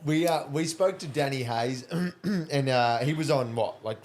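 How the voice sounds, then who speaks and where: A man's voice: medium pitch, measured pace, darkish tone, slight background noise. A young man co-hosting a podcast, curious and asking his guest follow-up questions. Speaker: podcast co-host. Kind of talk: interviewing.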